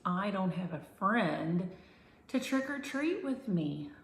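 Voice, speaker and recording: A woman's voice: mid-range voice, big pitch swings, takes it slowly, a little hiss or hum. A woman doing a shy little boy ghost. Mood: sad. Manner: soft and small. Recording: roomy echo.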